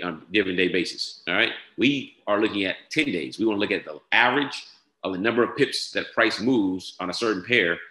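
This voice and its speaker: A man giving a step-by-step software tutorial, repeating each instruction and checking in with "all right?". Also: fairly low pitch. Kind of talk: screen-share tutorial walkthrough. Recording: echoey room.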